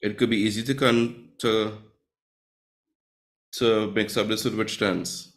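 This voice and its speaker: Man, somewhat low voice, classroom teacher, questions students, says "right?" a lot. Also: flat delivery, slow pace, fairly bright tone. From Trinidad and Tobago. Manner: quizzes students, tags sentences with "right?". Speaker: Spanish teacher.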